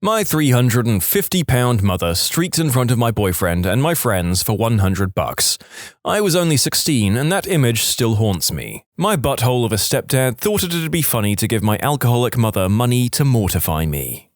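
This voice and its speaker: A man reading internet stories aloud in an expressive, playful storytelling manner. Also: mid-range voice, moderate pace, no echo, clean studio sound. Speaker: story narrator.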